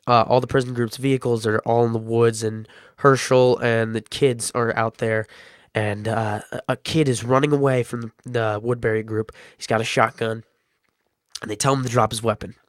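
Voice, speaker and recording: Excitable man rambling through a recap. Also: medium pitch, smooth, no echo, clean studio sound. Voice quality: excitable, rambling with many fillers. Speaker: TV episode reviewer. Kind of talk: casual recap and review.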